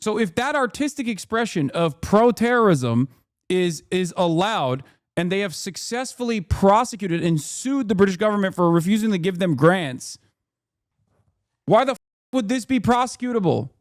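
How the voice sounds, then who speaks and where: A man's voice: high-pitched, animated, normal speed, no room sound, clean studio sound. A man hosting a live-stream, reacting to a video with blunt, exasperated commentary and some swearing. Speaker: streamer host.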